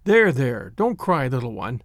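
A man voicing a gentle gentleman who soothes a crying girl in a soft, lowered voice. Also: lively intonation, unhurried, creaky, no room sound, studio quality. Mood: soothing.

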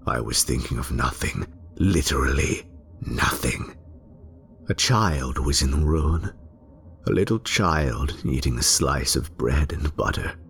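A male narrator giving a theatrical first-person story reading, lingering on words and dropping into hushed whispers. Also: rumbling low, animated, measured pace, vocal fry, slight background noise.

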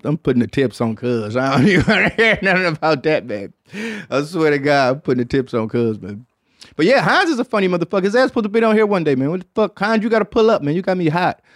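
A man's voice: on the high side, dry recording, studio quality. A man from Detroit hosting a podcast in casual chat, rambling and slangy and swearing often, with "man" at the end of many lines. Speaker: podcast host.

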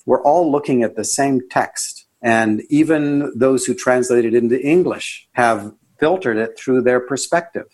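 Interviewed on a podcast as a guest author, a man talks reflectively and earnestly, sometimes leaping up in pitch for emphasis. His voice has a breathy edge.

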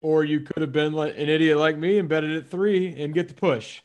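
Man, podcast co-host, fairly high voice, dry self-mocking humor. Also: level tone, a little fast, a little mellow. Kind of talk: casual sports podcast chat.

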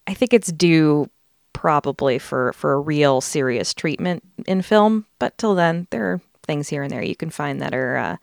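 Speaking at a moderate pace, this low-pitched, animated woman has noticeable vocal fry. The studio recording is clean and echo-free. She hosts an American podcast, chatting loosely and walking through facts with frequent fillers.

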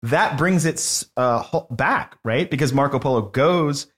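A young man co-hosting a casual food chat, playful and animated as he tells stories. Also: medium pitch, measured pace, slightly rough. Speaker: podcast co-host.

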